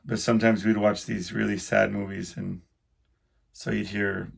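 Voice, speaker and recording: A middle-aged man hosting a podcast, rambling through a casual solo monologue in a self-deprecating way, full of halting restarts. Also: lowish voice, level tone, gravelly, husky. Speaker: podcast host.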